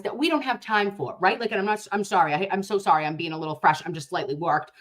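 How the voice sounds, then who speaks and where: A woman from Dorchester with a Boston accent, hosting a casual reaction chat. She talks in an animated, excitable way, swears freely and calls her viewers babe and loves. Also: fairly low pitch, quick pace, hardly any pauses. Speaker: host reacting to a juror interview.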